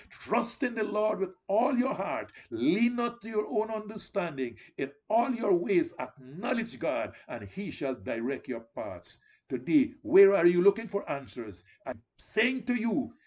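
Man, preacher, sermon, husky voice, animated pitch, earnest, exhorting. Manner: earnest, exhorting, repeats "beloved".

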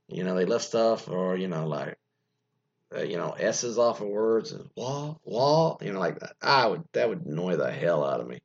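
A male radio host reads from an article and drifts into loose, rambling asides, filling every gap with fillers. His voice has a gravelly edge and swings widely in pitch, and the recording sounds dull and lo-fi. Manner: rambling, many fillers and asides, muttered side remarks. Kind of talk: casual solo commentary reading an article aloud.

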